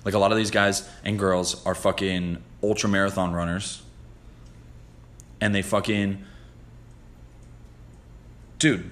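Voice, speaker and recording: A man hosting a podcast in casual chat, talking in a profane, rambling, excitable way. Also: fairly low pitch. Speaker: podcast host.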